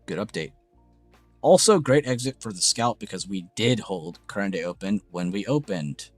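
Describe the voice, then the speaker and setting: Host type: young guy, lowish voice, dry close sound, soft music behind, hyped and profane. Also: moderate pace, dry recording. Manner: excitable, swears freely, gushing praise. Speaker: trading stream host. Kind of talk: casual live-stream chart review. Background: faint background music.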